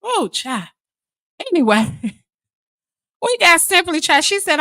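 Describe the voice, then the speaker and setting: A woman's voice: very high voice, sing-song, slow, long pauses, pushed and bright, no echo, studio quality. A woman from Mississippi, hosting a casual live chat with viewers in a chatty, sassy way. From Mississippi, USA. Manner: chatty and sassy, calls viewers "child" and "honey". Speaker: live stream host.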